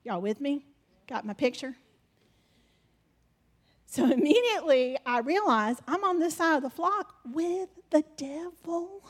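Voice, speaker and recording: A woman's voice: high-pitched, lively intonation, a little slow, long pauses. A woman preaching animatedly and directing a live skit with her congregation.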